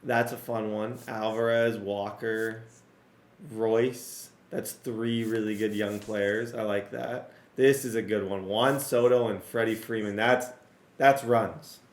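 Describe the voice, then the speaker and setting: A man doing casual commentary on a sports video game, excitable and talking straight to his viewers, his voice strained and cracking. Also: fairly low pitch, takes it slowly, reverberant. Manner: excitable, talks to viewers, rattles off player names. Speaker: gaming YouTuber.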